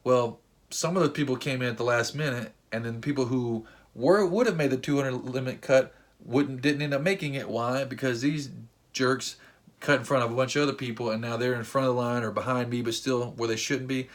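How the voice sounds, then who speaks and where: A man recounting a story for his vlog, talking in a loose, rambling way full of "uh"s and restarts. He gets excitable as he goes, and his voice sits at an ordinary middle pitch. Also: brisk. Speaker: vlogger and wrestling fan.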